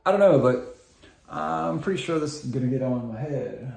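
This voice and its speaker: A man vlogging in a meandering monologue, drifting between tangents and filling pauses with "um". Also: mid-range voice, lively intonation, creaky, darkish tone, slight background noise. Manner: meandering, full of filler ums and tangents. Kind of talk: rambling monologue to camera. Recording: echoey room.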